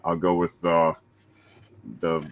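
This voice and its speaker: A man's voice: low voice, completely flat delivery, slow pace, muffled recording. A man on a casual panel, hesitant and full of fillers as he picks his choices. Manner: hesitant, many fillers, self-deprecating. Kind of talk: casual group discussion.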